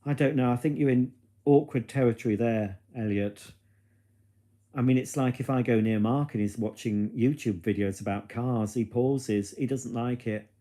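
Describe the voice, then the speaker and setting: Male live-stream host, camp and gossipy, innuendo-laden chatter, warm mellow voice. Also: medium pitch, normal speed. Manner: camp, cheeky, full of innuendo; chatty and gossipy, musing aloud. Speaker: livestream host reading viewer comments. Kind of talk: casual chat to a live audience.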